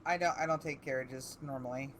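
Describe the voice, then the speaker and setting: A woman speaking in character during a live roleplay, matter-of-fact and lively. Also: a bass voice, a little fast, a little hiss or hum.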